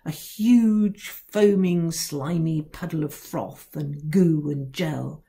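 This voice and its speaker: Telling her children's story in the first person, the author reads with sly wit and dramatic pauses. Her tone is mellow and pitched low.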